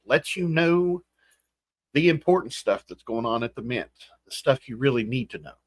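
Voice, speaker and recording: Still groggy with his morning voice, a livestream host with a West Virginian accent reads chat names aloud and greets viewers one by one in a folksy way. He's speaking casually from a room at home. The recording is dry, and his voice is mid-range.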